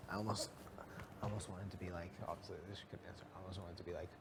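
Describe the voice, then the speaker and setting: A man in casual chat with a friend, halting and restarting as he talks. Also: low-pitched, level tone. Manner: halting, restarts and repeats words. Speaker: reality show houseguest. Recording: live feed with audible background noise.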